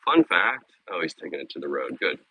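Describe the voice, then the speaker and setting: Blunt, profane man with lively pitch. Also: fairly quick, breathy edge, no room sound, muffled recording. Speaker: vlogger live-streaming a dog walk. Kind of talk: casual live-stream chat while walking. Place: outdoors on a city walking path.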